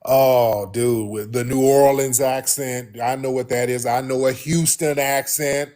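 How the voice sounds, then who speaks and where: A man holds forth as a show host. His voice sits at an ordinary middle pitch. He speaks bluntly and with animation, circling back over the same points. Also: measured pace. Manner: animated, blunt, repeats himself. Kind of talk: casual monologue to listeners.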